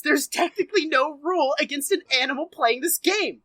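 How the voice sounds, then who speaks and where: A woman's voice: high voice, lively intonation, normal speed, a bit bright, dry recording, rough recording. A woman co-hosting a podcast, recapping a film in casual chat, profane and sardonic, laughing as she tells it. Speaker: podcast co-host.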